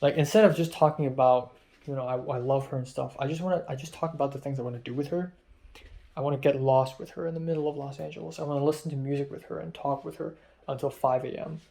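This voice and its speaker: Rambling young man with a gravelly voice. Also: mid-range voice, steady tone, quick pace, dark tone. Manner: rambling, full of ums and quoted dialogue. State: tired. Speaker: vlogger. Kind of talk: personal diary-style storytelling.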